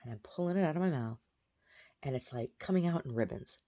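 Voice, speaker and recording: A woman's voice: extremely low pitch, lively intonation, fast, dark tone. A woman telling about a strange dream in a casual vlog, rambling with many fillers and restarts. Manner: baby talk to her pet dog. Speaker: vlogger.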